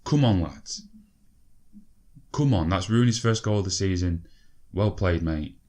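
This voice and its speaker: A young man commentating on his own football management game, excitable, swearing and urging his players on. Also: deep voice, measured pace. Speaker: gaming video creator.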